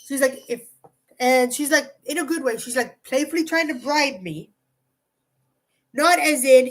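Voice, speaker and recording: A woman's voice: high voice, a little slow, long pauses, rough recording. A woman telling a rambling, profane storytime monologue to her camera, full of "like" and side tangents. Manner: rambling and profane, heavy use of "like"; animated, jumps between asides. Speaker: vlogger.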